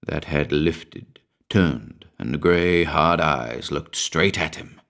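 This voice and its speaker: A man giving a measured, brooding scripted narration of a horror story. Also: a bass voice, a bit bright.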